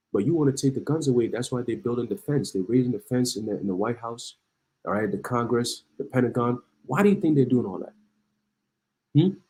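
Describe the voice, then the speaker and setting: A man's voice: medium pitch, mellow, low-quality recording. A man preaching in heated commentary on the news, reading articles aloud and then ranting. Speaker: online preacher.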